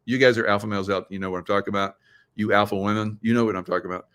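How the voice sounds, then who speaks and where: A man's voice: on the low side, fairly even intonation, very fast, a bit bright. Chatty man riffing to his viewers. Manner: conspiratorial, joking asides, laughs at own lines; talks straight to viewers, asks them questions. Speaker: show host. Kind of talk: casual livestream monologue.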